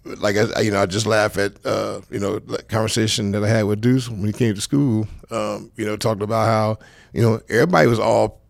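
A man from South Central Los Angeles, a high school football coach appearing as a guest, tells rambling stories in a casual interview, heavy with fillers and street slang. His voice is on the low side and creaky, with fairly even intonation, a fairly quick pace, and no echo.

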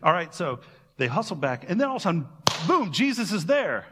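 A man pastor giving a sermon, retelling scripture as casual, animated storytelling with playful asides. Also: high voice, fairly quick, long reverb tail, noisy background.

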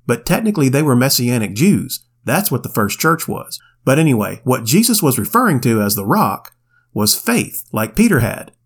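A man co-hosting a Bible podcast, giving casual commentary with wry, plainspoken asides. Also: mid-range voice. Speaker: podcast co-host.

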